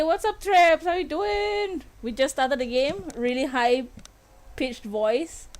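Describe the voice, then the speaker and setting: A woman's voice: on the high side, slight background noise. A young woman streaming a game live, giggly and playful, laughing often as she chats.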